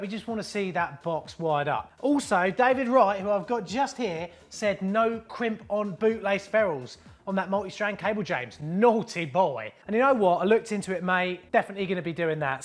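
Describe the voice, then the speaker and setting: A man's voice: sits high, brisk. A man hosting a plumbing tutorial, talking in an upbeat, chatty, matey way while showing his work. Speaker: plumber host. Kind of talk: casual how-to tutorial.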